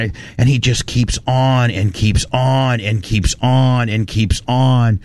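A man's voice: medium pitch, slow, few pauses. A ranting man hosting a radio show. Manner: animated storytelling, ranting, profane. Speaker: radio talk show host. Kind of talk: casual studio chat. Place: radio studio.

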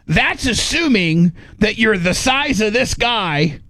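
A man's voice: sits high, big pitch swings, slow, a crowd in the background. A middle-aged man hosting a radio talk show, casually telling a story and acting out his own panicked inner voice. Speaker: radio host.

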